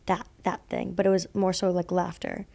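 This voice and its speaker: A young woman co-hosting a podcast tells ghost stories in a rambling, casual way, using lots of fillers and laughing at herself. Her low-leaning voice is gravelly and dark in tone, expressive, and moves at a normal speed.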